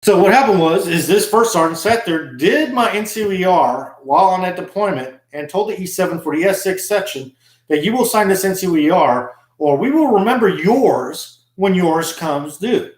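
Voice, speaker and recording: In a reverberant space, a man who once served in the army tells a story for his vlog as a casual, aggrieved, and emphatic monologue. He speaks in a high, expressive voice at a moderate pace.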